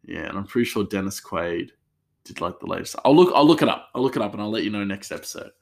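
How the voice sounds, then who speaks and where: Rambling man, low-pitched podcast host. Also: animated, fast talker, gravelly. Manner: rambling, chatty, restarts, laughs easily. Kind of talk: casual solo podcast chat.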